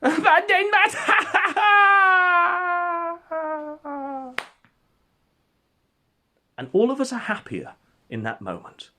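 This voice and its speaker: Husky man telling a mock-epic tale. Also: on the low side. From England. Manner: mock-epic, deadpan storytelling. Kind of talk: comic storytelling narration.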